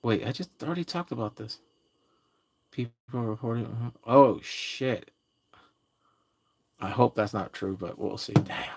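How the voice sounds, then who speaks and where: A man's voice: mid-range voice, lively intonation, a little slow, creaky, long pauses, a little mellow, slightly rough. A man hosting a pop culture vlog, ranting casually and trash-talking in a brash, jokey way. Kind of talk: casual rant to camera.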